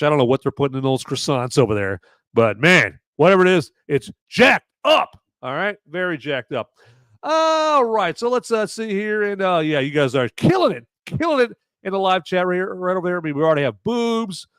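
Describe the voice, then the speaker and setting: A man hosting a live podcast, chatting in a rambling, jokey way with sudden loud, shouty bursts. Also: fairly high pitch, animated, moderate pace, smooth, dry recording, studio quality. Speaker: podcast host. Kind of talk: live-stream movie review chat.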